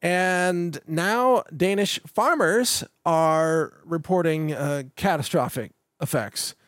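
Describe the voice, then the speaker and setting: A man's voice: fairly high pitch, takes it slowly, fairly bright tone, no room sound, clean studio sound. A middle-aged man hosting a podcast, talking through the news in a casual, sardonic monologue with frequent restarts. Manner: sardonic, laughs at the news, repeats words when restarting. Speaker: podcast host.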